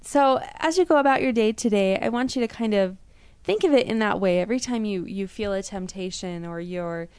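A woman's voice: medium pitch, a little fast, a little mellow, clean tone, no room sound. Earnest woman hosting a devotional. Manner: earnest, conversational, with frequent restarts. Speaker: devotional podcast host. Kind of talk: devotional storytelling.

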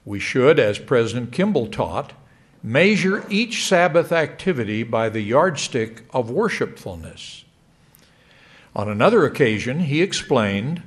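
A middle-aged man delivering a sermon to a congregation in a measured, emphatic way. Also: medium pitch. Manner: measured, lively rising emphasis. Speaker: church speaker.

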